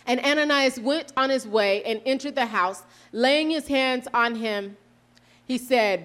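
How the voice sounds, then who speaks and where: A woman giving a sermon, reading scripture aloud and explaining it earnestly, slowing down for emphasis and correcting herself now and then. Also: sits high, fairly bright tone. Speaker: preacher.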